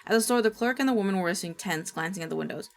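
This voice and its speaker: A woman's voice: mid-range voice, racing, creaky. Woman narrating a horror story. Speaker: streamer.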